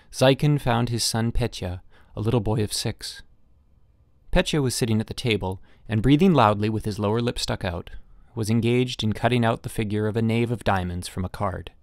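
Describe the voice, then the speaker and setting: A man narrating a classic short story as an audiobook narrator, measured and even. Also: lowish voice, creaky, no room sound, studio quality. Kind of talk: scripted narration.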